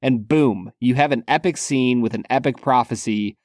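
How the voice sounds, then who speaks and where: The co-host of a podcast chats in a rambling, casual way with many fillers and restarts. He speaks at medium pitch and a moderate pace, sounding a little mellow, in a studio-quality recording with no echo.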